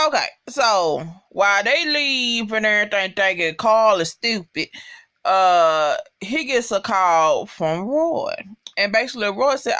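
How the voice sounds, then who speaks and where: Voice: mid-range voice, lively intonation, measured pace, bright, forceful tone. A young adult recapping a TV episode in a casual, profane, emphatic way, talking straight to viewers.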